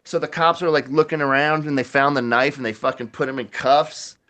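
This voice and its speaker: A man's voice: medium pitch, steady tone, brisk, pushed and bright. A man, telling a rambling, profane story in casual chat, laughing often. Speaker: podcast host.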